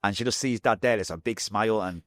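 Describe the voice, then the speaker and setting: A man in his forties with a Mancunian accent, from Manchester, England, appears as a podcast guest and openly recounts his life, quick and animated, acting out quoted voices. His voice leans low, and the studio-quality audio has no echo.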